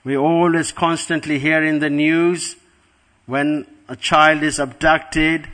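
A man's voice: on the high side, little pitch movement, slow, a bit bright. A middle-aged man giving a devotional class, telling a story in an earnest way and repeating words for emphasis. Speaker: spiritual teacher.

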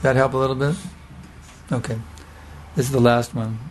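A man giving a spiritual lecture, speaking in short phrases and pausing for an interpreter. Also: mid-range voice, little pitch movement, faint music behind.

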